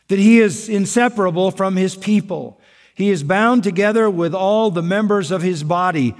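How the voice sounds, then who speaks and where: A man preaching a sermon as pastor, emphatic, slowing down to stress key points. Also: high-pitched. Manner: emphatic preaching, slows down for weight. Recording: long hall reverb.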